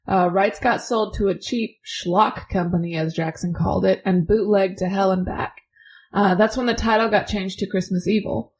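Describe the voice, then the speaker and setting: A woman co-hosting a casual film podcast, chatty and quick to laugh. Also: mid-range voice, fairly even intonation, rough recording. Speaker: podcast co-host. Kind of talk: casual chat.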